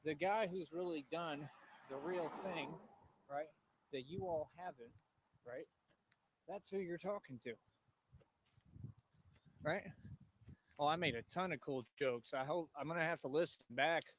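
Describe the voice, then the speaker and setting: A man's voice: a little slow, pauses often, a little hiss or hum. Boastful rambling man outdoors, lo-fi sound. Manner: boastful, rambling, talks to animals in a high cooing voice. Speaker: vlogger. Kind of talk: rambling outdoor vlog monologue. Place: outdoors near trees.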